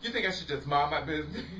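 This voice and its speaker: A woman's voice: deep voice, fairly bright tone, slight background noise. A woman vlogger telling a story in casual chat to the camera, laughing often and swearing freely. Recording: roomy, distant, dull lo-fi sound.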